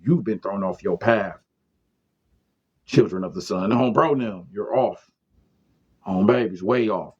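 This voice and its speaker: Low husky guy ranting about occult stuff, slangy and profane, muffled lo-fi audio. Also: unhurried, long pauses. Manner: swings between loud rants and muttered asides, slangy and profane. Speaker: esoteric lecturer. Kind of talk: casual profane monologue. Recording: dull lo-fi sound.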